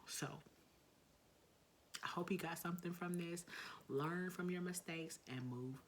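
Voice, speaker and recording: Gravelly, profane woman vlogging. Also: lowish voice, a little slow, long pauses, slight background noise, poor audio. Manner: blunt, heavily profane, pep-talk tone. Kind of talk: casual motivational vlog.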